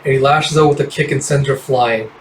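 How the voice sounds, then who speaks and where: A man narrating a comic readthrough, excitable and reacting aloud with swearing as he goes. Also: medium pitch, brisk. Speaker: reader. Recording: roomy, distant mic, faint hiss.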